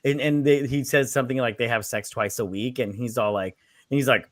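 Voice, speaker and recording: A man's voice: medium pitch, brisk, a bit bright, no echo, clean studio sound. A man co-hosting a casual, tipsy movie review, rambling through the plot and quoting characters with plenty of swearing. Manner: rambling, retells scenes with quoted voices and swearing.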